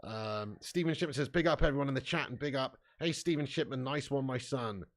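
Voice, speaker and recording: A brisk, mid-range male voice hosts a live football watch-along for a fan channel. He reads chat comments out loud and keeps the talk casual and full of swearing.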